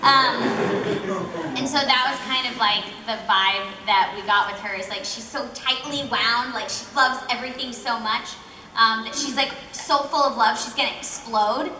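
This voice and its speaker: A young woman from Texas answering questions at a convention panel, chatty and animated, with lots of fillers. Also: a little high, normal speed, far from the mic, noisy background. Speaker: voice actress panel guest. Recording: echoey hall with faint ambience.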